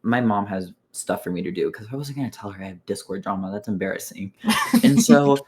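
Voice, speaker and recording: A young man in an online voice chat, retelling game drama in a casual, animated way, full of quoted dialogue. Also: on the low side, a little fast. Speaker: player in an online strategy game.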